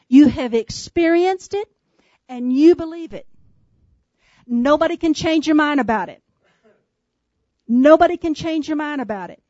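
Woman preaching, high voice, slow deliberate delivery, dry slightly dull sound. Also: no echo. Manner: shifts from brisk asides to slow, hushed emphasis; addresses congregation members by name. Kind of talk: sermon.

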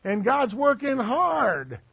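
A man's voice: very high-pitched, sing-song, takes it slowly, gravelly, slightly rough, dull audio. A man preaching a sermon as pastor, folksy and full of asides and humor.

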